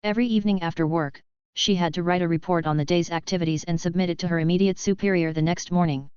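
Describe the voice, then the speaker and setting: Female narrator, low smooth voice, even storybook reading, dry muffled recording. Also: fast talker, dry recording. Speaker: audiobook narrator. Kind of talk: scripted narration.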